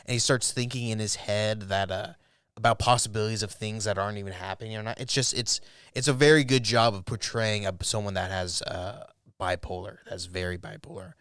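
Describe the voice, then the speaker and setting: A man co-hosting a podcast, casually retelling TV episodes in a rambling, animated way, with swearing and quoted lines. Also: fairly low pitch, brisk, clean tone, no echo, clean studio sound. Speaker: podcast co-host. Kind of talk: casual TV review chat.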